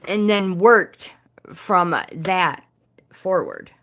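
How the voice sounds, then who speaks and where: Older woman, lowish voice, live-stream host doing card readings, halting and full of fillers. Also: a bit bright, a little hiss or hum. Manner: hesitant, searching for words, many fillers. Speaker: livestream host reading oracle cards.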